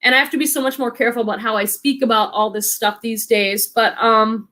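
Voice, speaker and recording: A woman's voice: fairly high pitch, fairly even intonation, brisk, bright, forceful tone. A woman, an online reseller, hosting a casual live stream, chatting and reading viewer comments in a bubbly way, with lots of "like" and laughter. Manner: chatty, bubbly, many likes and ums, laughs often.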